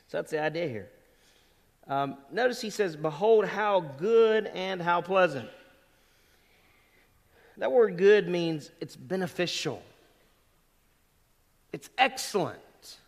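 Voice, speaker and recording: A middle-aged man delivers a sermon in a church sanctuary, his fairly high voice ringing through a long hall reverb. He keeps a chatty, conversational tone and then leans hard on key words for emphasis. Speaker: pastor.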